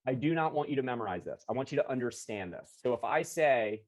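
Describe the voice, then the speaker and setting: A man coaching salespeople over a video call, rattling along at a quick pace. His pitch sits mid-range for a man. He is chatty and upbeat, and he often stops to correct himself and restart. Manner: energetic, chatty, self-correcting. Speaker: sales trainer. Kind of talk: live online sales training. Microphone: video call computer mic.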